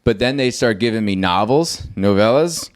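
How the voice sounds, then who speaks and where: A man's voice: on the low side, expressive, moderate pace, clean tone, no room sound, studio quality. A man hosting a casual conversation, rambling and telling stories animatedly with lots of fillers. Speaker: host.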